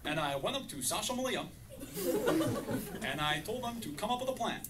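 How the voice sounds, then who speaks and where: A young man doing an impression of a famous politician in a slow, deliberate speaking manner, on a stage with a noisy crowd. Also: high-pitched, lively intonation, voice pushed up. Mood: measured. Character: impression of a famous male politician, measured and formal. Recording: distant mic, loud crowd and noise.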